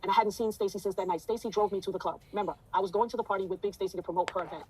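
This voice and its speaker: Rapid-fire fervent woman telling her story. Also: mid-range voice, steady tone, background noise. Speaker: interview guest. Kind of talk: emotional interview testimony.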